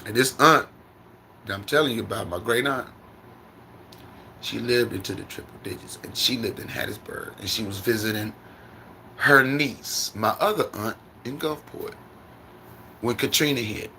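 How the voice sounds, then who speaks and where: A man's voice: mid-range voice, moderate pace, long pauses, bright, forceful tone, a little hiss or hum. A middle-aged man who drives trucks, talking on his livestream in a repetitive, preacherly storytelling way into a phone. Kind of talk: casual livestream monologue.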